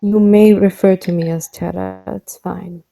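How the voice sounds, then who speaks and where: A woman's voice: mid-range voice, steady tone, measured pace, gravelly, dark tone, faint music behind. A woman doing a guarded woman with a mashup accent. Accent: mixed put-on foreign accent. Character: tense secretive woman with stone eyes.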